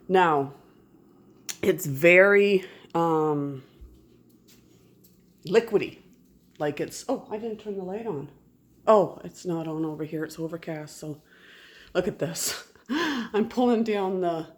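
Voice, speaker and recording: Rambling middle-aged woman vlogging at home. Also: lowish voice. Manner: rambling, chatty, self-interrupting. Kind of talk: casual home vlog. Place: house and garden, moving between indoors and outdoors.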